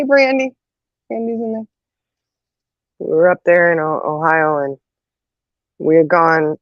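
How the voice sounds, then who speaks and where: Lively woman telling family stories. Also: low-pitched, no room sound. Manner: animated, laughs often, acts out quotes. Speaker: host. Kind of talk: casual storytelling chat. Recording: dull lo-fi audio.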